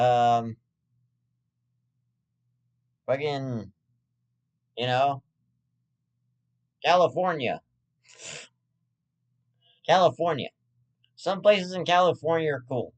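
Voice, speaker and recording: Guy going off on a sweary rambling rant, keeps tripping over his words and starting over, normal mid-pitch voice. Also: expressive, slow pace, long pauses, dull audio. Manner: profane, rambling, with frequent restarts. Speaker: host of his own web show.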